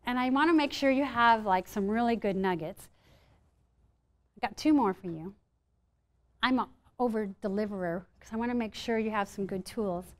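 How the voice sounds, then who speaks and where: A woman speaker giving a live presentation on stress resilience to a room of listeners, playful and lively, acting out inner voices. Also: medium pitch, normal speed, pauses often.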